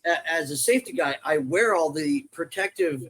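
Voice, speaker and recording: A middle-aged man chats casually as a podcast guest, spinning long, jokey stories. His voice sits high for a man, and he slips into the voices of the people in his tales. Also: expressive, normal speed, a bit bright, poor audio. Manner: rambling, jokey storyteller who acts out quoted voices. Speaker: podcast guest, construction safety worker. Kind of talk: casual storytelling chat.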